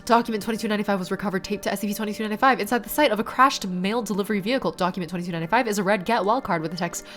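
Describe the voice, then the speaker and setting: A young woman streamer reads documents aloud flatly and chats with her viewers, turning tearful and giggly. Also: mid-range voice, rapid-fire, hardly any pauses, faint music behind. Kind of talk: live-stream reading and chat.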